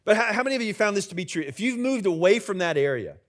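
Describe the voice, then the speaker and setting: A man's voice: sits high, very animated, fast. A middle-aged man, the senior pastor, preaching a conversational sermon in a church and joking with the congregation. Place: church sanctuary with live congregation.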